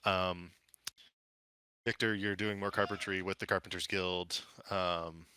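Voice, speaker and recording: A man's voice: sits low, little pitch movement, unhurried, bright, forceful tone, slight background noise. A man narrating as game master in a casual, loose way, with many fillers.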